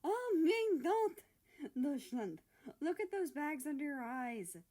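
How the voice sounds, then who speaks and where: A woman's voice: medium pitch, sing-song, a little slow. A woman voicing a fussy, doting middle-aged father who teases and frets over his grown son, in a fan fiction reading. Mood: fussing. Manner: doting, fretful, teasing.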